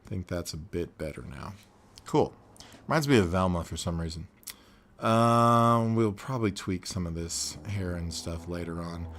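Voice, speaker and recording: A man's voice: deep voice, normal speed, a bit bright. A man narrating a casual animation tutorial, thinking aloud as he works, with frequent ums and uhs.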